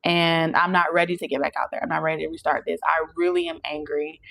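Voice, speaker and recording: A woman's voice: low voice, flat delivery, fast, gravelly, few pauses, fairly bright tone. A young woman giving a casual channeled tarot reading, chatty and emphatic, often checking in with "okay?". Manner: chatty, emphatic, addresses listeners directly with frequent "okay?". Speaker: tarot reader.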